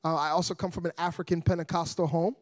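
A young male evangelist with a noticeably high voice delivers an energetic sermon. He jokes easily with the congregation, then climbs into loud, driving preaching. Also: quick pace.

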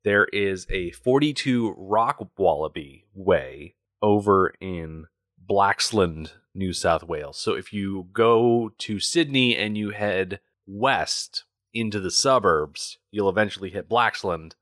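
A man's voice: low voice, slow pace, a bit bright, no echo, studio quality. A man co-hosting a podcast, chatting casually and conversationally about a movie. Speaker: podcast co-host. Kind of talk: casual movie discussion chat.

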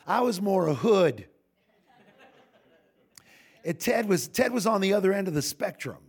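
Gravelly older preacher with folksy humor. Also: male voice, sits high, expressive, a little slow, a little mellow. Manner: folksy and joking, with frequent restarts. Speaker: pastor. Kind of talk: informal sermon with humorous storytelling.

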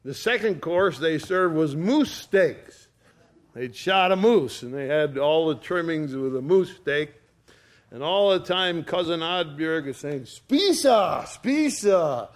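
Male pastor, folksy sermon storyteller, somewhat high-pitched. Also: measured pace.

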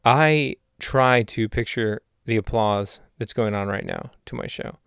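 A man hosting his podcast in a rambling, self-mocking comedic monologue with deadpan asides. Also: on the low side, unhurried, smooth, dry recording, studio quality. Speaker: podcast host.

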